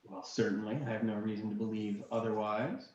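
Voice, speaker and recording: A man's voice: fairly low pitch, fairly even intonation, a little fast, crowd noise, close to an everyday voice. A man voicing a haughty young prince who mocks and speaks in a lofty way, recorded in an echoey room with dull, lo-fi sound. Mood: smug.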